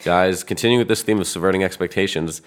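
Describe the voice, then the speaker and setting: A man from New Jersey co-hosting a comedy podcast, reading fake sponsor spots in a deadpan mock-announcer way. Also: sits low, quick pace. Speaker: podcast co-host. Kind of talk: casual comedy chat.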